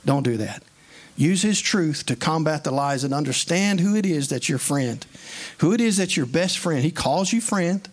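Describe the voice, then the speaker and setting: A man's voice: on the high side, lively intonation, moderate pace. A man preaching a sermon in an earnest, conversational way, mixing scripture with plain everyday stories.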